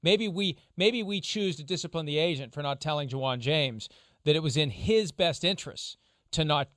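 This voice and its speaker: Man, sports talk host, lawyerly explainer, clear resonant voice, slightly high. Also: normal speed, fairly bright tone, dry recording, studio quality. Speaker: show host, legal analyst. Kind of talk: sports talk show discussion.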